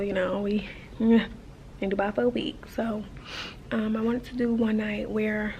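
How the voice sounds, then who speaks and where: A thirty-year-old woman chats to her camera from a desert hotel, with a mellow, warm tone. She gushes and gets emotional, with lots of "like" and "um". A faint hiss of noise sits behind her voice. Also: fairly high pitch. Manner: emotional, gushing, chatty with many fillers. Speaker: travel vlogger. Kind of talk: casual vlog talk to camera.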